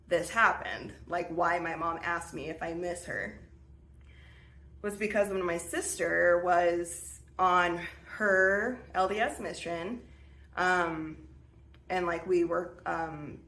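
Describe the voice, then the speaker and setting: A woman's voice: lowish voice, a bit bright. A young woman hosting a podcast, telling a personal story in a chatty way with lots of fillers and restarts. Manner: chatty, filler-heavy with many restarts and 'like'. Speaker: podcast host. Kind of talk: casual storytelling.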